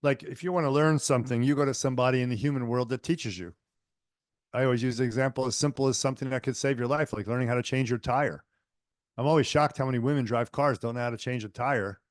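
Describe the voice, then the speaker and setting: Recorded dry and close on an online lecture mic with no room sound, a man who teaches healing tells anecdotes in a loose, chatty lecture. He speaks at an ordinary middle pitch and fills his pauses with frequent small fillers.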